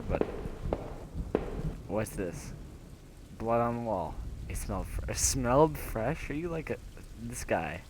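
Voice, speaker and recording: Over a noisy backdrop of loud in-game rain and thunder, a young man comments on the horror game he's playing. His voice is lowish as he reads the text aloud, reacting with nervous laughter and whispers in a casual let's-play style.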